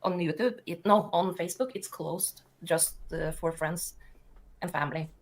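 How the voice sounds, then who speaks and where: A woman's voice: lowish voice, moderate pace. A middle-aged woman with a Norwegian accent talking casually as a guest, rambling and defensive. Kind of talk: casual talk.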